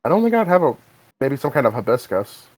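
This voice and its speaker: A man's voice: mid-range voice, sing-song, fast talker, darkish tone, dry recording, low-quality recording. A man co-hosting a podcast in casual chat, often hesitant and restarting his sentences. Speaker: podcast co-host.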